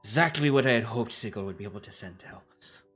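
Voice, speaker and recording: Man playing a grateful, effusive male mage; low-set voice, flattering, over faint music. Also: a little slow, breathy edge, heavily acted. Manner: gushing, flattering. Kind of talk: tabletop role-play voicing.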